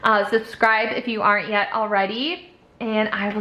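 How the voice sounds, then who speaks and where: A woman's voice: medium pitch, little pitch movement, moderate pace, bright, forceful tone. A young woman giving a casual tarot reading, talking in a rambling, upbeat way full of fillers. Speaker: tarot reader. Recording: echoey room.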